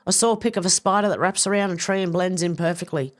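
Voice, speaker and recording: A woman's voice: lowish voice, steady tone, fast talker. A middle-aged Australian woman hosting a livestream, reading viewer comments aloud in a chatty, casual way with some swearing. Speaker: livestream host reading chat. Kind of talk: casual chat.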